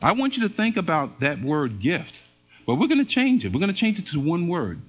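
Husky, lively-voiced male preacher. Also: on the high side, brisk. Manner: call-and-response, asks congregation to repeat and answer. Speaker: pastor. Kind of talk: sermon. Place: church service with congregation.

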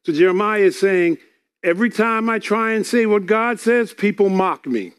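A man's voice: sits high, lively intonation, normal speed, clear, resonant tone. A man preaching a sermon, reading scripture aloud and explaining it earnestly, often repeating words.

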